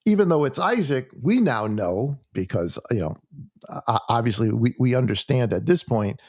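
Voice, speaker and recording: A man's voice: medium pitch, animated, darkish tone, no echo. Guy teaching a church bible study, lots of restarts, dry close sound. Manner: halting, full of restarts and fillers, reads scripture aloud.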